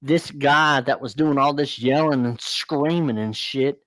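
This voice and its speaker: A man's voice: medium pitch, measured pace, fairly bright tone, no echo, studio quality. A man hosting a casual chat, telling a long personal story in a rambling, blunt way with fillers and swearing.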